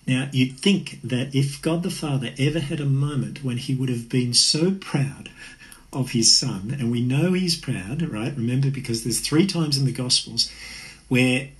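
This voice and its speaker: A man's voice: medium pitch, a little slow, rough recording. A man preaching an earnest, conversational sermon. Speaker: pastor.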